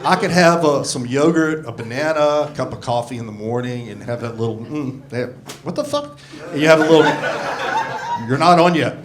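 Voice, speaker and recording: A man's voice: medium pitch, a little fast, background noise. A man in his sixties doing a profane, self-deprecating stand-up set into a handheld microphone on a comedy club stage. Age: 60s. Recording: live comedy club with audience laughter.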